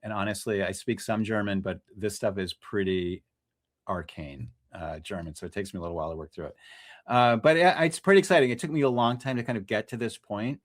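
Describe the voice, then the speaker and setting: Brisk and somewhat low in pitch, this man is a freelance journalist being interviewed as a podcast guest. His casual talk is restless and full of fillers, with constant restarts and self-corrections.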